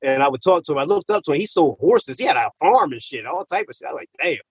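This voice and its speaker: A man telling a personal story in casual, profane slang, animated and repeating words when he gets worked up. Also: fairly high pitch, fast, breathy edge, dry recording. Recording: slightly muffled recording.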